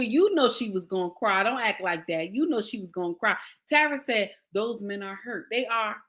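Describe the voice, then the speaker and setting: A woman's voice: mid-range voice, a bit bright. A woman hosting a reaction video, reading viewer comments aloud and repeating them emphatically with hums of agreement.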